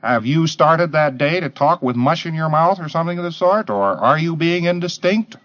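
Lively, emphatic man lecturing on old tape. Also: a little high, moderate pace, lo-fi sound. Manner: emphatic, rhetorical questions, mimicking others. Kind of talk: lecture to trainee auditors.

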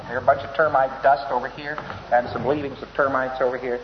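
A man's voice: medium pitch, level tone, quick pace. Wry man lecturing in an echoey hall. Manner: wry, anecdotal, chuckling asides. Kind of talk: informal lecture. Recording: echoey hall, dull lo-fi old tape, faint hiss.

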